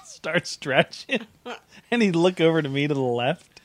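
A man's voice: fairly high pitch, sing-song, a little slow, no echo. Laughing man telling a school story. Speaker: podcast host. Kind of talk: casual storytelling chat.

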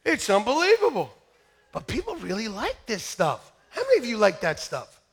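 A very high-pitched man preaching to his church with a bright, gravelly edge to his voice. He tells funny stories with wide swings in pitch and often bursts into loud shouts. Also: wildly swooping pitch, normal speed. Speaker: pastor. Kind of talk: comic storytelling sermon. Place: church service.

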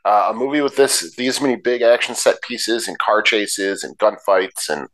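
A man's voice: on the low side, moderate pace, fairly bright tone, low-quality recording. A man co-hosting a film podcast, talking casually with many fillers and restarts, dry and wry in his criticism. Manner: hesitant, filler-heavy, wry. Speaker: podcast co-host. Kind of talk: casual film review chat.

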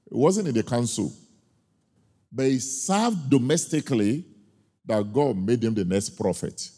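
A man preaching a sermon, telling a personal story with emphatic, drawn-out key points. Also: medium pitch, animated, dark tone. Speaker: pastor. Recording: long hall reverb.

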